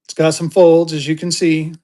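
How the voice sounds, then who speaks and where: A man's voice: fairly high pitch, completely flat delivery, moderate pace, warm tone. Chatty man running a live auction. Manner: chatty, thankful, thinks aloud with fillers. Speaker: livestream seller. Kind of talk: casual live auction chat.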